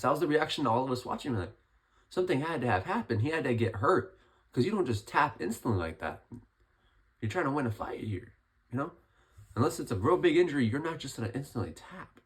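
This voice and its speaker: A young man with a hoarse, worn voice, still getting over being sick, talking casually and rambling as he breaks down a fight night. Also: mid-range voice, lively intonation, fast, a little hiss or hum. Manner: chatty, rambling, lots of restarts. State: hoarse, recovering from illness. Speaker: MMA commentary vlogger.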